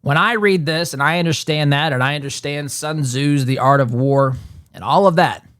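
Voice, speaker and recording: A man's voice: on the high side, normal speed, a bit bright, clean tone, no echo. Emphatic male talk-show host, dry sound. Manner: emphatic, repeats words while building a point. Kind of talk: political commentary monologue.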